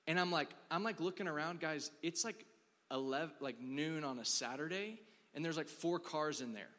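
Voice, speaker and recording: Bright-voiced preacher in a reverberant hall. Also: male voice, fairly high pitch, moderate pace. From Dallas. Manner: casual, filler-heavy storytelling with acted quotes. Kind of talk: sermon with storytelling.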